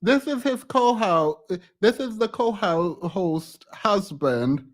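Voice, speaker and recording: Male gossip vlogger: high, swooping voice, unhurried, giggly, keeps trailing off and restarting. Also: very animated. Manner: giggly, hesitant, often breaks off and restarts. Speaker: YouTube commentator. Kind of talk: casual celebrity gossip commentary.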